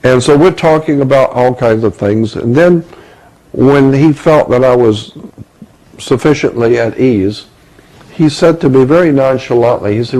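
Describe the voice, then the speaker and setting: A man telling a personal story from his youth, halting and repeating words as he searches for them. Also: medium pitch, mellow, poor audio.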